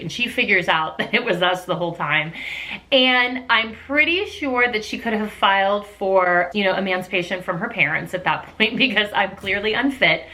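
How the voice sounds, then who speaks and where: A middle-aged woman and mother, telling a family story in a casual, animated vlog style. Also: medium pitch, normal speed. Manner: lively, animated, laughing storyteller.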